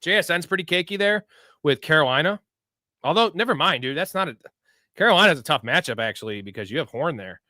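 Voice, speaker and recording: A man's voice: on the high side, animated, fast talker, bright, forceful tone, no room sound, clean studio sound. A young man hosting a live sports betting show, chatting casually and loosely with viewers in profane, hyped-up bro talk. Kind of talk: casual livestream chat answering viewer questions.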